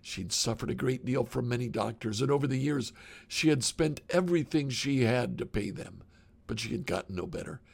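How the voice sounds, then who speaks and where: A man reading a Bible passage aloud in a measured, plain way. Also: medium pitch, animated, vocal fry, a little mellow, slightly rough. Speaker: scripture reader.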